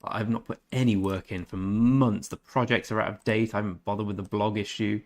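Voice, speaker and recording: A man with a lowish, steady voice streams a game and talks casually with his audience. He reads their chat aloud, responds, and fumbles his way through some German.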